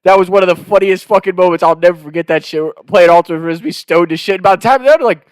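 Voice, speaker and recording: A man's voice: high-pitched, fast, clean tone, no echo. A young man telling a wild story in casual chat, swearing often and laughing as he goes. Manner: animated, profane, laughing.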